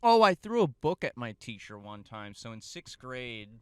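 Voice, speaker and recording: A man's voice: mid-range voice, big pitch swings, normal speed, a little mellow, smooth, dry recording. A young man telling a story on his podcast, profane and self-mocking, rambling with fillers and restarts. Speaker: podcast host. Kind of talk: casual storytelling monologue.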